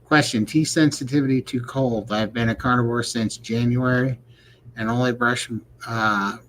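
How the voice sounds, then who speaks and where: A man's voice: medium pitch, steady tone, moderate pace, fairly bright tone, a little hiss or hum, rough recording. A man co-hosting a casual livestream chat, joking in a folksy way and reading viewer questions aloud. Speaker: podcast co-host.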